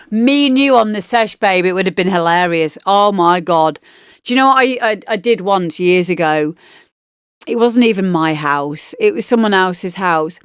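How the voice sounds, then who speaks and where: Woman dj rambling on stream, smooth clear voice, dry close mic. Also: on the low side, lively intonation, moderate pace, no room sound. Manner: chatty, rambling, laughs often. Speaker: DJ host reviewing demos. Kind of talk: casual stream chat.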